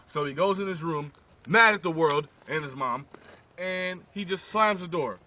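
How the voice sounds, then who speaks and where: A man telling a rambling joke story in a casual, animated way, often checking in with "right?". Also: fairly high pitch, normal speed. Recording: distant lo-fi phone video with crickets.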